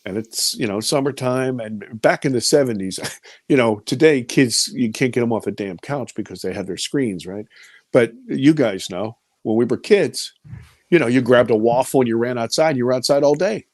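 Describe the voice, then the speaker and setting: A man's voice: medium pitch, moderate pace, darkish tone, no echo, studio quality. A man in his fifties telling a vivid personal story as an interviewee, repeating words as he gets caught up in it. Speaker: interviewee recounting an encounter.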